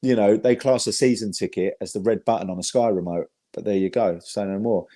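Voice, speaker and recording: Guy, lowish voice, dry close sound, chatty and sweary guest storyteller. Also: brisk, warm tone, no room sound. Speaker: guest, football fan. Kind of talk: casual podcast chat.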